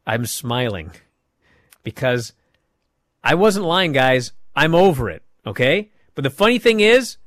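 A man hosting a wrestling talk show, recapping matches in casual chat with animated, mocking outbursts. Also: mid-range voice, a little slow, dry recording, clean studio sound. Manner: animated, mocking, jumps to shouting. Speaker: wrestling podcast host.

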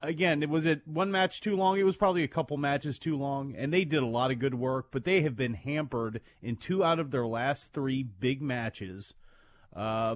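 A man's voice: medium pitch, no room sound. A man co-hosting a casual wrestling talk show, rambling with many "you know"s and restarts. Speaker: podcast co-host.

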